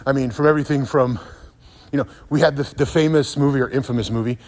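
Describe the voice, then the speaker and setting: A man's voice: mid-range voice, fast, darkish tone. A man ranting in a sarcastic, profane commentary monologue, laughing often. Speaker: YouTube commentator.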